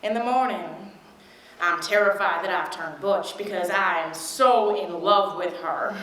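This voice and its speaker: Young woman telling a frank, wry memory, slowly. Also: lowish voice, slight background noise. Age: young adult. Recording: echoey room.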